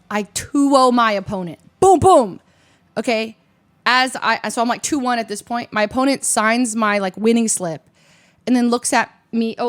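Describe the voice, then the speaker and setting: A woman streamer casually telling her viewers a story, animated and self-mocking, full of "like" and quick asides. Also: on the high side. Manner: animated, heavy use of "like", rapid asides; self-mocking, laughs often.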